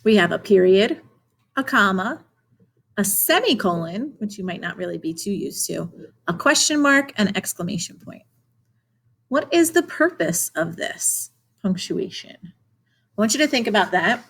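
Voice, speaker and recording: A young adult woman, a teacher, giving a remote lesson to children in a clear, encouraging classroom manner, asking questions along the way. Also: mid-range voice, big pitch swings, moderate pace, fairly bright tone.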